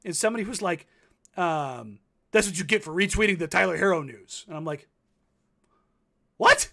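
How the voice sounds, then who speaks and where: Here the co-host, a man in his thirties on a relaxed sports talk show, sounds high-pitched, expressive and brisk, with a creaky yet fairly bright quality. His stories ramble along, heavy with fillers and restarts.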